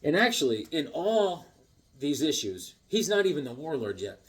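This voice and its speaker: A man in a casual vlog, excitedly showing off his comic collection with rambling, self-deprecating asides. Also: a little high, normal speed, breathy edge. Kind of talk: casual show-and-tell vlog.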